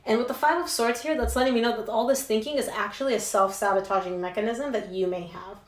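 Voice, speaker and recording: A woman's voice: fairly high pitch, fast. A young adult woman giving a casual tarot reading, talking emphatically and slangily straight to her viewers. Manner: chatty and emphatic, slangy asides. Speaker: tarot reader. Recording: roomy echo.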